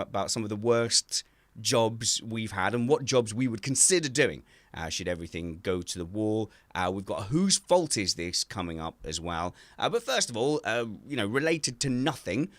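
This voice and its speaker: A man hosting a casual podcast from his garden shed, self-mocking and animated as he tells stories. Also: fairly low pitch, no room sound. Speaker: podcast host.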